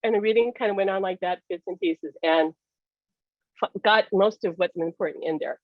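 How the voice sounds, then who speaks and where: A woman speaking as a psychic medium guest, telling personal stories in an animated way, laughing often and acting out the dialogue she recounts. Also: mid-range voice, moderate pace, dry recording, phone-quality sound.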